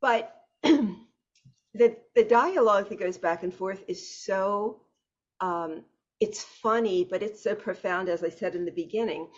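A woman hosts an interview and keeps her guest going with frequent short replies. Her voice is husky and breathy at a middle pitch. The audio is dull and lo-fi. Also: unhurried. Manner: encouraging, backchannels often. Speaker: interview host.

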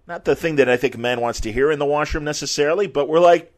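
A man's voice: medium pitch, fast talker. Man telling a story on a podcast. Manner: animated, acts out quotes. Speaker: podcast host and former sports reporter. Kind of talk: casual anecdotal storytelling.

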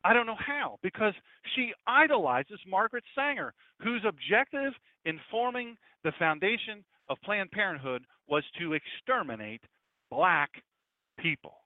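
A man's voice: sits high, big pitch swings, moderate pace, dry recording. A man preaching an emphatic, fiery political sermon as pastor, now and then mimicking doubters. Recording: tinny phone-like radio broadcast.

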